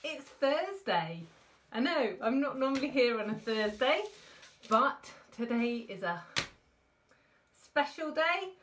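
A woman's voice: sits high, sing-song, slow pace, pauses often, a bit bright, far from the mic, a little hiss or hum. A woman from the UK hosting a casual craft live stream, out of breath and chatty, greeting viewers by name.

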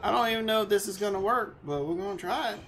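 A man giving loud, excitable commentary while playing a video game, swearing and yelling at the game. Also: high-pitched, fast talker, faint music behind. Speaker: gaming streamer. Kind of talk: live gameplay commentary.

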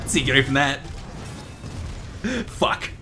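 A man's voice: medium pitch, takes it slowly. A young man telling a story in casual, rambling gameplay commentary, swearing and laughing a lot. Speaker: gaming commentator. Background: game sounds and music.

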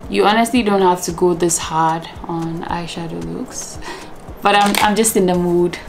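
A young woman with a fairly low voice walks viewers through her eye makeup in a casual, chatty tutorial. She sounds encouraging and easygoing, with faint music playing underneath. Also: fairly even intonation, moderate pace, gravelly. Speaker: beauty vlogger.

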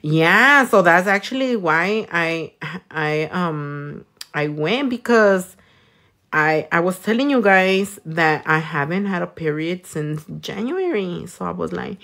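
Speaking slowly in a rather low, animated voice, this woman does nails on a livestream and chats casually. She's a playful bilingual nail tech who code-switches, jokes crudely, and bursts into loud laughter often.

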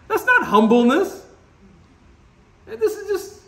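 A man giving an impassioned religious lecture, blunt and animated, laughing as he rants and dropping Arabic terms. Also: high-pitched, moderate pace. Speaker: Islamic lecturer. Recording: echoey room.

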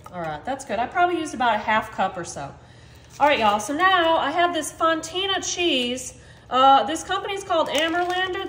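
A woman's voice: sits high, a bit bright, slight background noise. A woman chatting upbeat to her viewers while she cooks at home, talking straight to the camera. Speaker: home cooking vlogger. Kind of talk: casual cooking demonstration. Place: home kitchen. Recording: echoey kitchen room.

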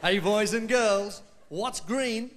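A man playing a high, chirpy kids' show entertainer. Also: takes it slowly. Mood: cheery. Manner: bouncy, sing-song presenter. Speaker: children's show singer. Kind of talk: sung children's show parody. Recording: voice under loud backing music.

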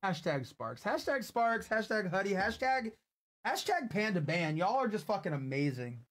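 Teary young man streamer, swearing warmly. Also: high-pitched, big pitch swings, normal speed. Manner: tearful, grateful, swears a lot. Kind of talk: emotional live-stream chat. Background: game music.

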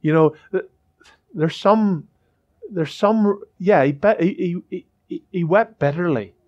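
A man's voice: sits high, slow, muffled recording. A male pastor preaching a sermon in church, fervent and repetitive, with many restarts.

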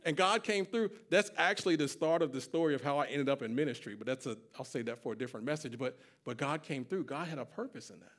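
A man's voice: medium pitch, fast, few pauses, a bit bright. A man in his thirties preaching a sermon as pastor, emphatic and conversational as he tells stories. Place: church.

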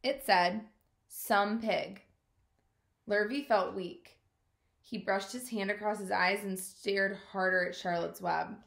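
A woman teacher reading a children's storybook aloud in an expressive way, in a roomy-sounding recording. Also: mid-range voice, a little slow, vocal fry. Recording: roomy echo.

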